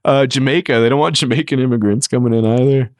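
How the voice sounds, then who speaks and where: A man's voice: mid-range voice, quick pace, darkish tone, no echo, studio quality. A young man co-hosting a podcast in casual chat, laughing often and slipping into mocking impressions. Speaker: podcast co-host.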